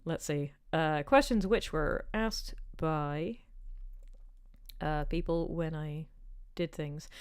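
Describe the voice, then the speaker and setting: A woman in her thirties with a softened Northern Irish accent, chatting casually as she answers viewer questions on a livestream, rambling with plenty of "um" and "like". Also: deep voice, slow pace, clean tone. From Northern Ireland. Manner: chatty and rambling, with many "um" and "like" asides.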